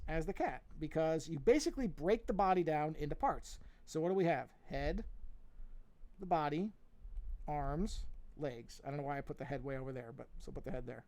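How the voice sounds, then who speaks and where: Man, fairly high voice, rambling livestream art lesson, desk mic. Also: lively intonation, normal speed, a little mellow. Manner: rambling, restarts and trails off, thinks aloud. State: yawning, a bit sleepy. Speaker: art teacher streaming a drawing lesson. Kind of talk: casual drawing livestream.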